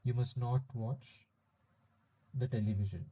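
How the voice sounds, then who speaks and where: A man walks through a French lesson at an easy, unhurried pace, pausing with fillers as he explains. His voice is soft and mellow with a slightly husky grain. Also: mid-range voice, highs cut off. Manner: relaxed, explaining step by step with frequent fillers. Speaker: French tutor. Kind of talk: informal recorded language lesson.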